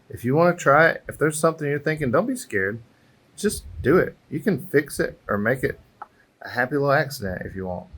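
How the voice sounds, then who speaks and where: A man talks through a relaxed hands-on craft lesson, chatty and encouraging as he thinks out loud. He is outdoors on a breezy patio. The sound comes from the camera's own microphone. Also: medium pitch. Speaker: airbrush artist teaching a craft. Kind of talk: casual craft tutorial.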